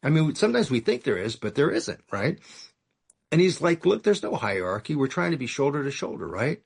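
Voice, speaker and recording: A man's voice: mid-range voice, very animated, a little fast. A man from California giving a self-mocking, sarcastic storytelling share at a recovery meeting, acting out the other people in his story. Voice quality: gravelly, husky.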